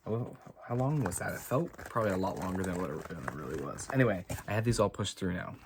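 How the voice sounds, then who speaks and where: An American man chatting casually and softly for an ASMR video, rambling and laughing at himself, recorded on a phone in a home studio. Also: deep voice, lively intonation, fast talker, noisy background. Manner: rambling, self-amused, laughs often. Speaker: ASMR creator. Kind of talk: casual ASMR chat with soft whispering. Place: home studio with haze and lights. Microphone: phone on a gimbal.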